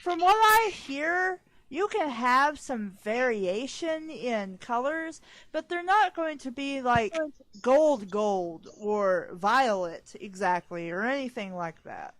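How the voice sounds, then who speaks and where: A woman's voice: a little high, expressive, slow, a bit bright, no room sound. A woman reading fanfiction aloud on a casual podcast, stumbling over names and breaking off for sarcastic remarks.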